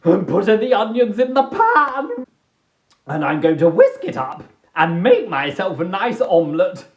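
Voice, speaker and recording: A British man hosts a live stream from home on a phone mic, his high voice swooping wildly at a slightly slow pace in an echoey room with lo-fi sound. Answering viewer prompts, he chats playfully and theatrically, hamming it up with silly voices, singsong asides, and humming.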